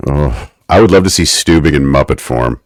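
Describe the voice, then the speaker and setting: A man's voice: a bass voice, moderate pace, a crowd in the background. A man co-hosting a podcast, recapping an episode in a wry, mock-academic way. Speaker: podcast co-host. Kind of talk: casual podcast recap chat.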